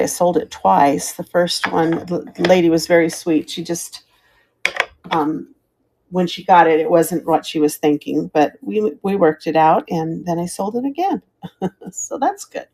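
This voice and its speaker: Selling vintage items live on stream, a middle-aged auction seller keeps up a friendly chat and thanks viewers by name, speaking in a fairly low, slightly mellow voice.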